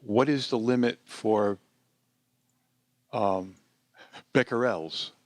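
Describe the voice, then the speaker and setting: A man's voice: fairly low pitch, takes it slowly, no room sound. A man co-hosting a home-building podcast, chatting casually and asking curious questions. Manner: curious, agreeable, asks questions. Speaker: podcast co-host.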